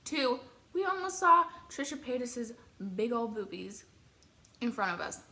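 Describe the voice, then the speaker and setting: A young woman from the Midwest telling an excitable, rambling story with many filler words while eating on camera. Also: fairly high pitch, measured pace. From American Midwest. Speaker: vlogger.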